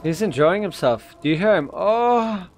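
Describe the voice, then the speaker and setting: Excitable man commenting on a game. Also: sits high, moderate pace, slight background noise. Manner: excitable, jokey. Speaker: gamer. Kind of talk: casual gameplay commentary.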